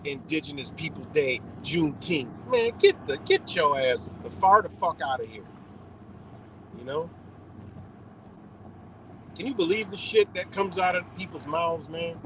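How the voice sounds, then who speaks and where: A man's voice: a little high, big pitch swings, measured pace, pauses often, a bit bright, slight background noise. A man, ranting profanely and rambling through a casual livestream while he drives his car. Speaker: livestream host.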